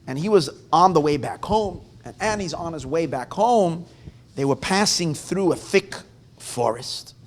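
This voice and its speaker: A male rabbi telling a story at a live gathering in an animated, conversational way, often breaking off and restarting his sentences. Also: fairly high pitch, unhurried, slight background noise. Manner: animated, conversational, self-interrupting.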